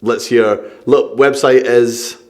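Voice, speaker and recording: A man hosting a podcast in a relaxed, chatty way. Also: mid-range voice, takes it slowly. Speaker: podcast host. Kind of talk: casual podcast chat.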